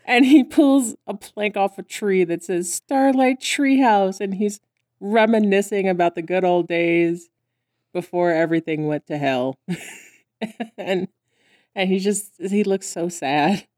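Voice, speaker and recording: A woman co-hosting a podcast, chatting casually about a cartoon episode, laughing often and acting out characters' lines in high squeals. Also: a little slow, darkish tone, no room sound, clean studio sound. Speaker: podcast co-host.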